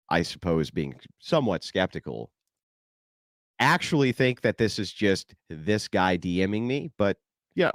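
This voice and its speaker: A man's voice: low voice, dry recording, studio quality. A man hosting a stream, giving sarcastic, profane, mocking commentary. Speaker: streamer host.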